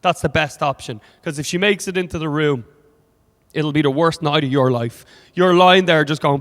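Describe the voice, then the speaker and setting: A man's voice: fairly high pitch, brisk, a bit bright, in a large hall. A man with an Irish accent doing a stand-up comedy set, telling stories with wry, punchy asides. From Ireland.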